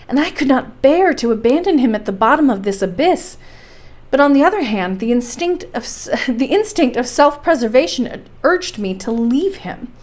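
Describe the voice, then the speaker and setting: A woman narrating a bedtime story for a library, calm and steady. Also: fairly high pitch.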